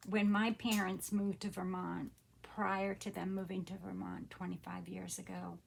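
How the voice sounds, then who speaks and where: A woman in her sixties hosting a casual craft unboxing, soft-spoken and often hushed, with gasps of delight. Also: medium pitch, flat delivery, moderate pace, vocal fry, slight background noise. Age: 60s. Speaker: crafter and channel host.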